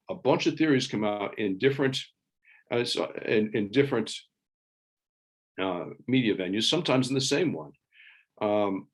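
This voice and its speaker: A man giving an online talk with slides, in a wry and halting way, with many fillers and restarts. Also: medium pitch. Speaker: invited speaker.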